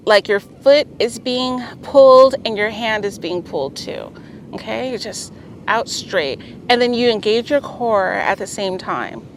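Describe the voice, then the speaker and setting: A woman's voice: medium pitch, slight background noise. A woman vlogger leading a casual beginner yoga routine outdoors on a beach, chatty and encouraging and often checking in with "okay?". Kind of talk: casual instructional vlog.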